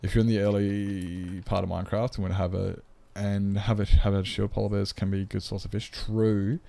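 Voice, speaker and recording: Australian man, deep voice with vocal fry, casual joking game-stream chat, rambling, swearing. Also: level tone, normal speed, dark tone.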